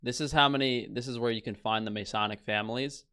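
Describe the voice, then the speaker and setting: A man's voice: mid-range voice, steady tone, fast talker, pushed and bright, clear, resonant tone. A young man streaming, ranting with scorn and heavy swearing as he reads headlines aloud. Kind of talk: casual ranting commentary.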